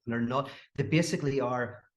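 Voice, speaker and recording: A philosopher appears as a guest on a casual podcast, speaking animatedly, laughing often, and restarting his sentences. His voice is medium in pitch and he talks fairly quickly.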